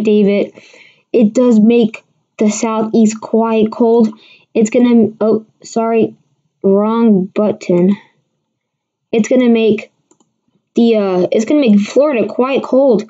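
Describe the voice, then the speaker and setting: Woman, casual livestream weather talk, rambling and restarting, dark mellow tone, muffled lo-fi sound. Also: fairly high pitch, steady tone, takes it slowly. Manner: rambling, many restarts, answers chat viewers. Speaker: amateur weather forecaster host. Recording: dull lo-fi stream audio.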